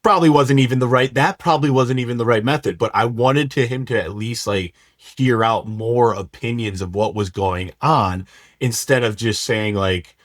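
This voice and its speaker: A man's voice: medium pitch, moderate pace, dry recording, clean studio sound. A man in a casual group conversation, recounting things in a frustrated, rambling way. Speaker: guest.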